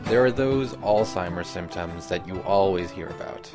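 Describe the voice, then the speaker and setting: Deep-voiced man narrating reflectively. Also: music in the background. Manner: measured, reflective. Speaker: radio narrator. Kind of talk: scripted narration.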